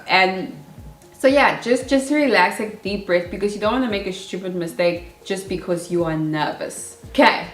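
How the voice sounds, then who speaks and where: A young woman talks straight to camera in a chatty, animated way. She acts out her own past nerves as she gives advice. Her voice sits at a middle pitch, and the room around her is echoey. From South Africa. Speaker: vlogger. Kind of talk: casual advice vlog.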